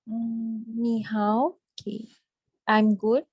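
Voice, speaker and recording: Woman, student, slow hesitant speech, slightly high voice, dry close sound. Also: flat delivery, a little mellow, no echo, rough recording. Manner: hesitant, many fillers, sounds out words slowly. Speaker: language student. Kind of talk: halting lesson practice.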